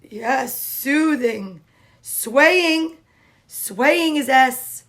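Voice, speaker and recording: A woman hosting a casual livestream, greeting viewers by name and chatting in a cheerful, drawn-out way. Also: high-pitched, expressive, a bit bright. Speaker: livestream host.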